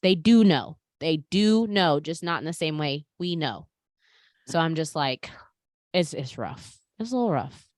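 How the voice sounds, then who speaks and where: Woman podcast host, casual chat, animated, dry close sound. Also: low-pitched, measured pace, no room sound. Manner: animated, talks to listeners as "you guys".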